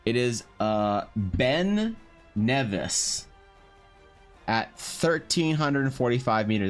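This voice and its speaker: A man's voice: mid-range voice, sing-song, measured pace, soft background music. A man, chatting on a livestream in a joking, slangy way, swearing and laughing. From Canada. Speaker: art streamer. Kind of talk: casual livestream chat.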